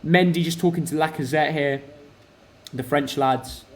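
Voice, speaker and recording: A young English man hosting a football live stream, teasing and pushing his dad, excitable and quick to swear. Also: on the high side. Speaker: streamer, host.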